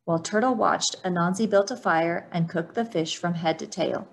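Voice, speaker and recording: A woman reading a children's picture book aloud for storytime, in a steady storytelling manner. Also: on the low side, normal speed, creaky. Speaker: storytime reader.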